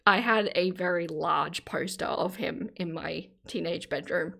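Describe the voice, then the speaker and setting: A woman's voice: lowish voice, a little slow, gravelly, fairly bright tone. A middle-aged Australian woman chatting casually on a live stream, reading out chat comments and laughing often.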